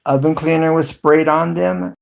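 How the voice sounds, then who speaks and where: A man's voice: mid-range voice, unhurried, a little mellow. Middle-aged male host, casual rambling livestream chat, mid-range voice, frequent ums. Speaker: video host.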